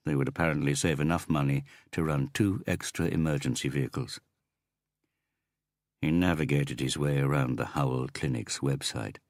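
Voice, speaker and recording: A man narrating an audiobook in a measured, even reading. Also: very deep voice, dry recording, clean studio sound. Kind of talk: scripted narration.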